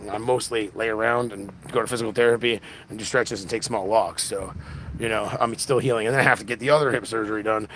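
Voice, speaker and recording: A man's voice: lowish voice, fairly bright tone, slight background noise. An exhausted man hosting a casual livestream, rambling with lots of restarts, recorded on a phone. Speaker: livestream host.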